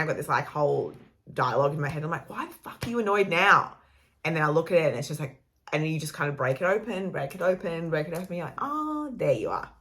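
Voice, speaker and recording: A woman's voice: on the low side, bright, forceful tone. A woman, chatting casually about astrology in a rambling, laughing style with the odd swear word. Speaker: astrology vlogger. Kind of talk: casual spiritual vlog talk.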